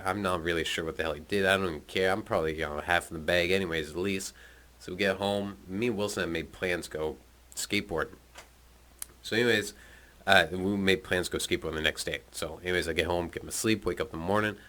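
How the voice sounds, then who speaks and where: A man's voice: deep voice, sharp tone. A man telling a personal story in casual, profane talk, laid back and full of swearing, with chuckling asides.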